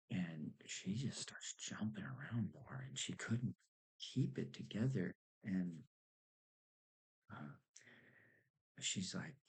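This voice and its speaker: A man with a low, slightly husky voice tells a story from his own day for his vlog. His pitch rises and falls a lot as he acts out the people he met, and he breaks into laughter often. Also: animated, takes it slowly, long pauses. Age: adult with a child. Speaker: vlogger. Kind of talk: animated personal storytelling.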